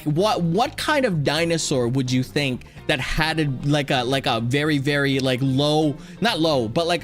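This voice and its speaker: A man talks casually as a streamer, rambling from one thought to the next. He restarts sentences often and leans on fillers. His voice sits slightly high for a man. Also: fairly bright tone. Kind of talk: casual chat.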